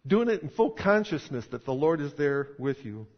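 A man's voice: a little high, very animated, moderate pace. A man preaching a sermon in a conversational, emphatic style with rhetorical questions. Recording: dull sound in a reverberant hall.

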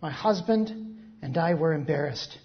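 A pastor preaching, reading a story slowly and then breaking into quick, joking asides. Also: mid-range voice, animated. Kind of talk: sermon with a story read aloud. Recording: dull lo-fi recording.

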